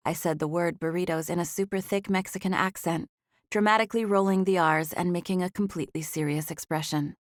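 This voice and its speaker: A woman narrating a romance audiobook in the first person, with expressive storytelling. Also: fairly low pitch, brisk, no echo, studio quality.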